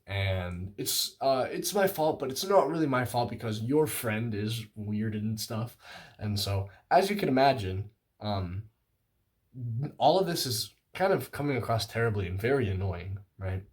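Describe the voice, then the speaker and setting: A man's voice: on the low side, animated, measured pace. A young man in his late teens or twenties telling a story, casual and self-mocking, with many fillers and some playful exaggeration. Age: young adult. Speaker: vlogger.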